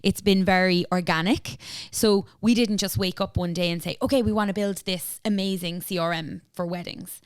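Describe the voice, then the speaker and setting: A woman with an Irish accent, a business founder talking in a casual interview, chatty and animated, full of fillers and retold dialogue. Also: on the low side, normal speed, few pauses, clear, resonant tone, dry recording, studio quality. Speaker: entrepreneur guest.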